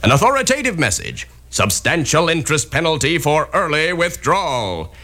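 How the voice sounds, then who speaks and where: A man playing a pompous, cheesy male radio announcer in a comedic spoof ad, with a booming, overly emphatic delivery. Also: sing-song, moderate pace, sharp tone, exaggerated voice. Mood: hammy.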